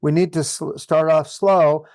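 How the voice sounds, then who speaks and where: A man's voice: a little high, steady tone, a little slow, a little mellow, clean tone, dry recording. A man coaching real estate agents in an online training session, reading sample texts aloud with the punctuation spoken.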